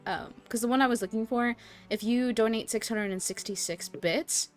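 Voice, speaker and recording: A woman's voice: fairly high pitch, moderate pace, faint music behind. A young woman hosting, chatting casually as she wraps up a game session. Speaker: stream host and player. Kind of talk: casual chat wrapping up a stream.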